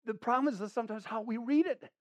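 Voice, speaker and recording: A man preaching a sermon, animated, swinging between hushed tones and loud exclamations as he acts out scripture. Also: very high voice, fast talker, no room sound.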